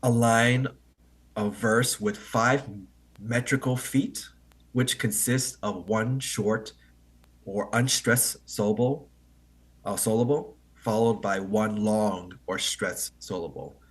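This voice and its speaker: A man hosting an online English meeting, explaining poetry to learners in a halting, think-aloud way and often checking with "right?". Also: fairly low pitch, breathy edge.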